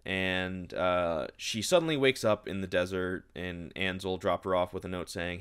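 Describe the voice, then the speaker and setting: A man's voice: sits low, moderate pace, few pauses, fairly bright tone, clear, resonant tone. A man giving a casual book review, rambling and sarcastic, exasperated by what he has read.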